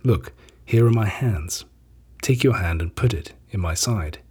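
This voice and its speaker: A calm and gentle Jesus, as a male reader voices him in a scripture reading. The voice is very husky and breathy, pitched on the low side. The delivery stays measured and solemn. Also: heavily acted.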